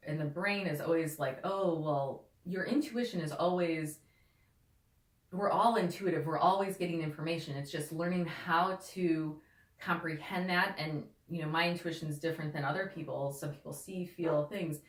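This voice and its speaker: Low-voiced woman, rambling healer. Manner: rambling, heavy with "like" and "you know". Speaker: guest, holistic healer. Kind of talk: casual conversational interview talk. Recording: echoey room.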